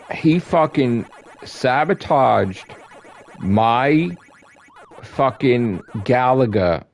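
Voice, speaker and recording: A man on a gaming live stream, ranting in a heated, profane way, repeating himself and swinging from loud outbursts to low grumbles. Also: a little hiss or hum. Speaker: gaming livestreamer.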